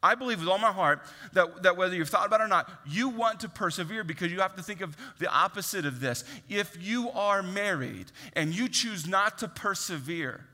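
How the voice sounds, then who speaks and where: A man's voice: high voice, lively intonation, fairly quick, hardly any pauses, pushed and bright. A man preaching a sermon in an earnest, conversational way, often acting out what people say. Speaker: pastor. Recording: long hall reverb.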